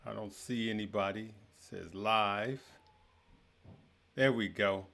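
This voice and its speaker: Speaking slowly with vocal fry, this father's voice sits on the low side, steady and a bit bright. He runs a relaxed live stream, welcoming viewers by name, tripping over some names, and rambling with frequent fillers.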